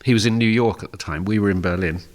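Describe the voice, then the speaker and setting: An older man from England talks in a relaxed, low-pitched voice, recalling a story in a radio studio. He laughs easily between his sentences. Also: fast talker. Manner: laughs often while telling stories. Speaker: guest musician.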